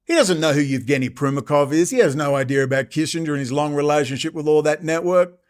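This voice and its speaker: An Australian man hosts his own channel, delivering a fast, angry, profane rant in a voice on the high side. He mocks others by putting on sarcastic voices.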